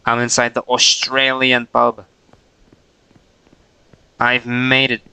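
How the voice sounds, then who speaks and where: A man's voice: mid-range voice, completely flat delivery, slow pace, bright, forceful tone, clear, resonant tone, no room sound, low-quality recording. A man casually chatting to himself while streaming a game, playful and chuckling.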